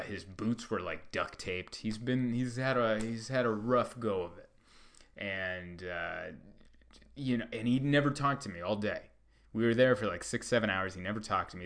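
Low-voiced man telling a rambling story. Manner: rambling, many fillers; loud bursts when acting out others. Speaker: stand-up comedian. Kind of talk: storytelling monologue.

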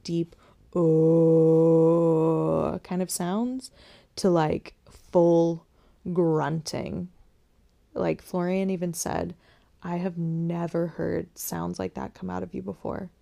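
A young woman hosting a podcast, candidly telling a personal story with whispered asides and soft laughs. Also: on the low side, creaky. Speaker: podcast host sharing her birth story.

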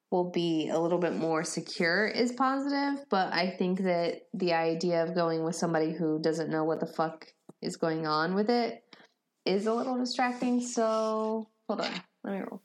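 A woman playing a tabletop game, thinking aloud in a hesitant, casual way. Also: on the low side. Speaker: player.

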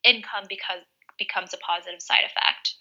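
A woman's voice: medium pitch, steady tone, brisk, pushed and bright, dull audio. A woman guest talking earnestly and emotionally over a video call, swearing casually. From United States. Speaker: guest business coach. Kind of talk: casual interview chat.

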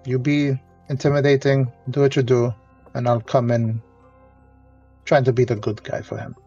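Husky-voiced man running a tabletop game. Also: mid-range voice, little pitch movement, normal speed, mellow, soft background music. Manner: laughs often, hesitant fillers. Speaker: game master. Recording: dull lo-fi audio.

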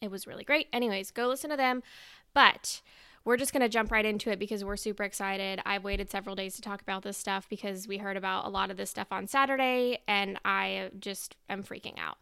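A young woman hosting a podcast, bubbly and excitable as she chats. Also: mid-range voice, fairly quick, creaky, clean tone, dry recording, clean studio sound. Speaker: podcast host. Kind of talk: casual chat.

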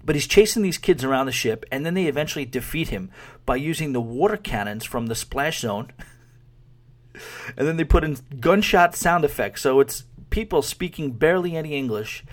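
A man's voice: mid-range voice, animated, moderate pace. A podcast host, a man with a mid-range voice, chats loosely and keeps chuckling through his own stories. He restarts sentences and trails off, in an easy conversational way. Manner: rambling, amused, laughs while talking, trails off. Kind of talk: casual podcast chat.

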